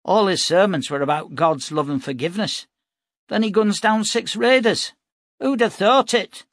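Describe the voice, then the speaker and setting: Eager polite lad, put on by a male reader, raised pitch, dry. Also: normal speed, dry recording. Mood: earnest. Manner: earnest, polite. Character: eager young male cadet hopeful.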